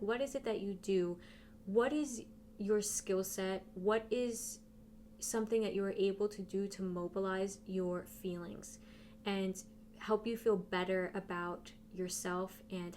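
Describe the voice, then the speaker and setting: A woman's voice: mid-range voice, darkish tone, a little hiss or hum. A woman giving a casual tarot reading who talks straight to her viewers and thinks aloud as she turns the cards. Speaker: tarot reader.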